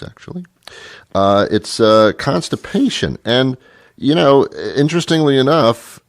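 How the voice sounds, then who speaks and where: A man's voice: fairly low pitch, dry recording, clean studio sound. A middle-aged man hosting a talk show, delivering a sardonic comedic monologue and then interviewing a guest. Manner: sardonic, acts out both sides of imagined dialogues.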